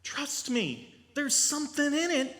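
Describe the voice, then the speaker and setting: A man voicing a calm, wise stranger who gently coaxes and reassures. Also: extremely high pitch, measured pace, pitched above the performer's own voice, exaggerated voice. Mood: reassuring. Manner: reassuring, coaxing. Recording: long reverb in a large hall.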